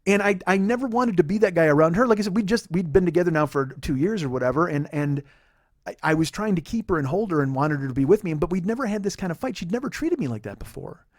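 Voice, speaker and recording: A man's voice: sits high, expressive, fast talker, no echo, clean studio sound. A man in his forties hosting a podcast, telling a personal story in a heated, profane, rambling monologue. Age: 40s. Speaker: podcast host.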